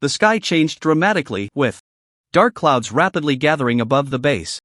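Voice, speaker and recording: A man reading a scripted story recap in a steady narrating voice. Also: fairly high pitch, moderate pace, no echo, studio quality.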